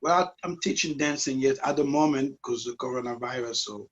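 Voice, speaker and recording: A man in his forties with a French Caribbean accent, a dancer and promoter answering as an interview guest. He is soft-spoken and searches for his words. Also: medium pitch, fairly quick. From France and the US, Guadeloupean roots. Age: 40s. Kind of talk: interview guest on video call. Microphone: video call. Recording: muffled video call audio.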